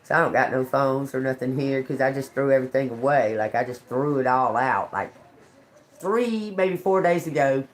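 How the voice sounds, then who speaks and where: A woman's voice: extremely low pitch, moderate pace. A woman chatting on a live stream from home into her phone, rambling, cursing and laughing as she tells a story. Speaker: tarot reader. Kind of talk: casual live-stream chat.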